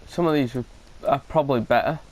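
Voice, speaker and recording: Talking fast in a darkish mid-range voice, a gaming commentator hesitates and restarts often as he thinks aloud, coughing now and then. The audio quality is poor.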